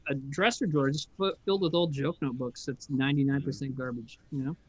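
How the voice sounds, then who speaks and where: A man hosting a casual comedy chat, rambling, profane and quick to laugh. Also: medium pitch, steady tone, slightly rough, dry recording.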